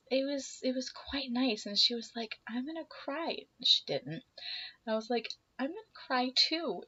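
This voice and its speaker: Young woman vlogging a story, acts out the voices, bit teary, dull lo-fi sound. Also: mid-range voice. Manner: animated, acts out dialogue, drops to whispers. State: emotional, teary. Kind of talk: casual storytelling to camera.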